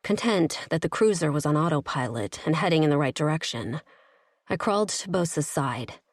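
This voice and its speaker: A woman narrates a first-person romance audiobook in a steady, even read. Her voice sits on the low side. The close studio recording is dry, with no room sound. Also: moderate pace, dry recording.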